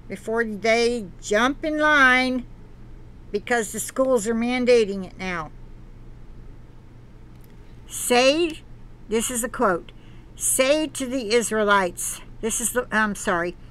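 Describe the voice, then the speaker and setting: Woman, channel host, reads an article aloud slowly with preachy asides; bright, fairly high voice. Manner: earnest, preachy asides between read passages; halting, with restarts. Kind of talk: reading an article aloud with commentary.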